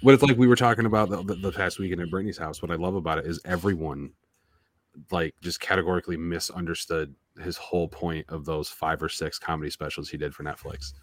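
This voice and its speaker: A man with a very low, deep voice chats casually on a podcast. He rambles from one joke to the next, swears freely and often restarts his sentences. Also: fairly even intonation, fast talker, no echo. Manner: rambling, profane, joking, with frequent restarts. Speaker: podcast co-host. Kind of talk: casual chat.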